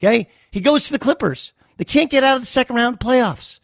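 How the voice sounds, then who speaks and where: A man's voice: very high-pitched, lively intonation, fast talker, vocal fry, no echo, studio quality. A man arguing hard in an on-air sports debate, emphatic and insistent. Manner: emphatic, insistent, repeats "okay?". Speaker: sports radio host.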